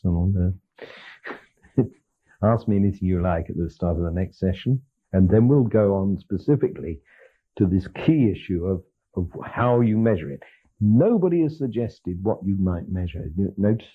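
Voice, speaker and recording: A man's voice: low voice, husky. An older man giving a lecture, telling stories animatedly, acting out dialogue and often laughing. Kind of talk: lecture with storytelling. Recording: lo-fi, phone-like archival tape.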